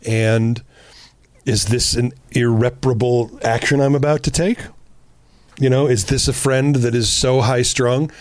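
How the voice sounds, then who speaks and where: A man's voice: mid-range voice, unhurried, no room sound. A man co-hosting a relationship podcast, talking bluntly with plenty of swearing and acting out quoted lines. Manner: blunt, profane, animated quoting of himself. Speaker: podcast co-host. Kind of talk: casual relationship advice chat.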